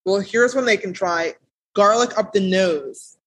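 A woman co-hosts a podcast in casual conversation. She reacts expressively and keeps the chat moving. Her pitch sits in the middle of the usual range for women. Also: a little slow, slightly rough. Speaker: guest co-host.

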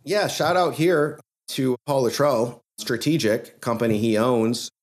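A man, a trial lawyer guest on a podcast, telling a case story in an earnest, animated way. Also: mid-range voice, measured pace.

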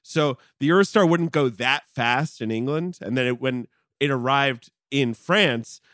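A man talking in casual podcast chat, a chatty explainer who stumbles over his words and restarts. His voice sits at an ordinary pitch, recorded dry and close to the mic. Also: unhurried, fairly bright tone, no room sound. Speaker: podcast guest.

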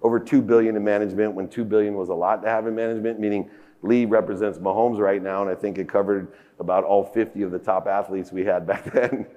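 A man's voice: fairly even intonation, fast talker, lo-fi sound. Man giving an emotional keynote in a hall. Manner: emotional storytelling with big swings in pitch and loudness. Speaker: keynote speaker. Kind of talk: motivational keynote speech. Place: large conference hall stage. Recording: echoey conference hall.

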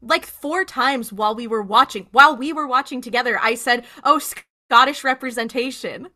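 A woman co-hosting a casual group discussion, quick and teasing in manner. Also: on the high side, background noise. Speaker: podcast co-host.

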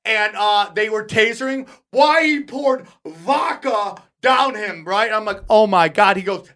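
A male comedian telling a long story in casual chat, animated and profane, acting out voices of the people in it. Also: sits high, measured pace, few pauses. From California. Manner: animated, profane, acts out voices in his stories. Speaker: comedian guest.

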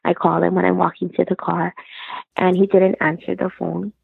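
A woman guest speaks over a tinny, dry phone line. Her low voice has a gravelly, husky texture. She tells her story earnestly and retells the conversations as she goes. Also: flat delivery, normal speed, dry recording. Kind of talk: personal storytelling. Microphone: phone call.

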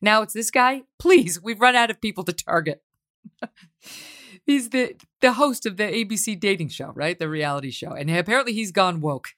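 A woman hosting a podcast, delivering brisk, sardonic commentary with punchy asides from a dry studio. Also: medium pitch, animated, a bit bright, no echo. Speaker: podcast host. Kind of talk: opinionated commentary.

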